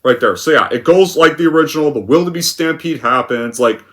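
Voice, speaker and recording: A man's voice: a little high, fairly quick, a bit bright. Rambling, scornful male movie ranter. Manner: rambling, packed with "like" fillers; scornful, exasperated. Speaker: film reviewer. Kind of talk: ranting movie review.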